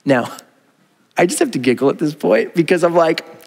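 A man preaching a sermon as pastor, animated and conversational, acting out quoted voices with asides to the congregation. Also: on the high side, moderate pace, creaky. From North America. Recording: long hall reverb.

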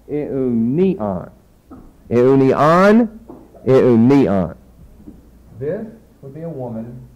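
A man's voice: medium pitch, mellow, poor audio. A man teaching a classroom lecture, explaining step by step with rhetorical questions, his voice dropping away as he turns to write on the board. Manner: voice drops away when turning to write. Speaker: Bible teacher.

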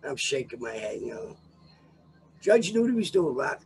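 Older male guest, profane storyteller, gravelly voice that leaps all over the place. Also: mid-range voice, sing-song, normal speed, slight background noise. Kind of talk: storytelling in a casual interview.

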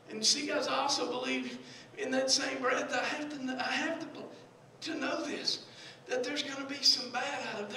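A man preaching a sermon with passion, repeating words and swinging between quiet pleading and shouting, in a nearly empty church. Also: extremely high pitch, slight background noise. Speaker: pastor. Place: large near-empty church. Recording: very echoey church from far off.

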